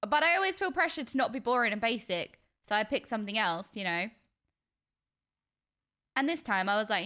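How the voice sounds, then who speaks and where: This livestreamer's voice is a little high, pushed, and bright as she plays a game and talks casually with viewers. Effusive and chatty, she describes herself as yappy and speaks in extremes.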